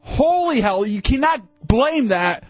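A man's voice: very high voice, big pitch swings, takes it slowly, dry recording, highs cut off, faint music behind. A man co-hosting a call-in radio show, arguing defensively and insistently. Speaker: radio co-host. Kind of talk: bantering call-in talk.

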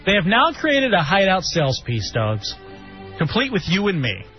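Lively sarcastic male radio host. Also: high-pitched, normal speed. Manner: animated, mocking, reads aloud with sarcasm. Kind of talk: casual radio banter. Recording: lo-fi radio broadcast with faint music.

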